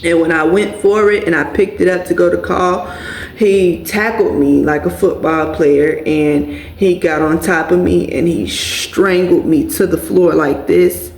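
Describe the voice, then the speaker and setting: Gravelly woman telling a story in an echoey room. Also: fairly low pitch, fairly even intonation, unhurried, darkish tone. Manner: casual, addresses viewers as y'all. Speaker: vlogger. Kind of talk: emotional personal storytelling.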